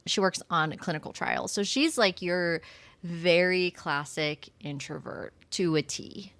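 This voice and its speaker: A woman's voice: on the low side, unhurried, a bit bright, no echo. Chatty woman book podcast host. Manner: enthusiastic, chatty, with many fillers and asides. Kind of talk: casual book club chat.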